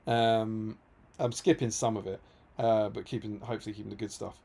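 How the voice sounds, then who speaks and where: A man's voice: lowish voice, brisk, creaky, slightly rough. Chatty guy reading book quotes. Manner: lively storyteller who reads quotes aloud and adds jokey paraphrases. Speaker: co-host of a tabletop wargaming stream. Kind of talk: casual chat.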